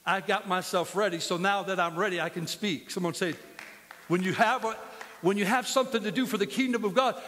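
High-voiced pastor preaching in a reverberant hall. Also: male voice, a little fast, fairly bright tone, a little hiss or hum. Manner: impassioned preaching with storytelling. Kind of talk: sermon. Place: church sanctuary.

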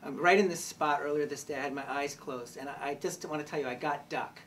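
A woman's voice: low voice, fast, slight background noise. A woman telling a rambling personal story to a group, laughing and restarting often. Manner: animated, laughing, many restarts. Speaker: workshop participant telling a story. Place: room with a group. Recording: distant mic with a crowd in the room.

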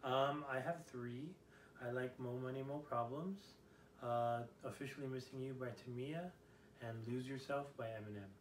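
A man's voice: medium pitch, normal speed, recorded from a distance, slight background noise. Joking young man, roomy off-mic sound. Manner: joking, deadpan quips. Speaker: interviewee, dancer. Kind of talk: casual interview answers.

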